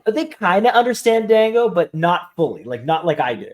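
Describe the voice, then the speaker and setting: Animated man telling a backstage story. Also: high voice, moderate pace. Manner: animated storyteller acting out quotes. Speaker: podcast guest. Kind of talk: casual storytelling.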